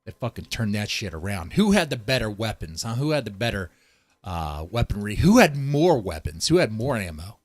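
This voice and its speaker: A man's voice: on the low side, very animated, moderate pace, no room sound. A man streaming live, rambling through casual, profane commentary and talking straight to his chat. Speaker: streamer reacting to a video.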